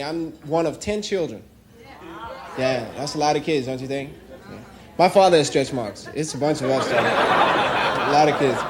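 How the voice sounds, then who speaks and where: A young stand-up comic from New York City works a club stage, his somewhat high voice carrying a darkish tone. He tells jokes conversationally and slips into acted voices, with crowd laughter and noise in the recording.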